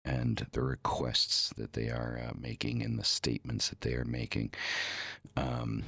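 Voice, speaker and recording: Man, podcast host, very low gravelly voice, unhurried rambling, dry small room. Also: level tone, fairly bright tone, no room sound. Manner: rambling, repeats words, many fillers. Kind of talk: casual live-stream talk.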